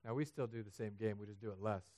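Animated, joking male pastor. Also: fairly low pitch, fast. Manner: animated and humorous, building to loud emphatic peaks. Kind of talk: sermon. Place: church sanctuary.

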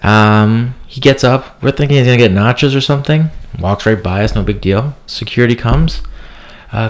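A man's voice: mid-range voice, normal speed. A man in his thirties telling a long, rambling, profane story as a podcast co-host. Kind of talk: casual storytelling chat.

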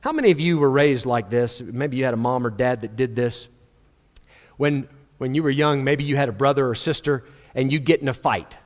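A man's voice: mid-range voice, normal speed. A man preaching a sermon, acting out little dialogues and chuckling at his own stories. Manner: animated, acts out dialogue, laughs at own stories. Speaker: pastor. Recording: long hall reverb.

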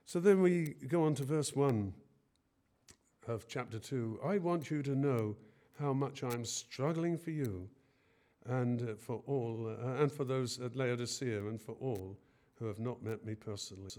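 A man's voice: mid-range voice, a little slow, warm tone. A man preaching a sermon in an earnest way, often hesitating and rising in force on key phrases.

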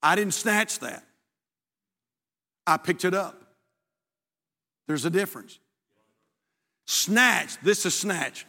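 A man's voice: high-pitched, animated, slow pace, pauses often, pushed and bright, big-room sound. An older man preaching a sermon as pastor in a church, folksy and emphatic, repeating his key phrases. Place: church sanctuary.

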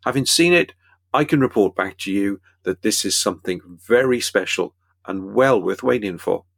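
A man co-hosting a film podcast, reading the news in a brisk, announcer-like way with dry wit. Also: on the low side, expressive, creaky, no room sound. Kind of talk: scripted news reading with banter.

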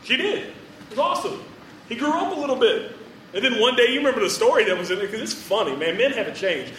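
Man, very high bright voice, casual joking sermon, echoey room, distant mic. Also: lively intonation, fast, slight background noise. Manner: chatty, joking, many fillers. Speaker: preacher.

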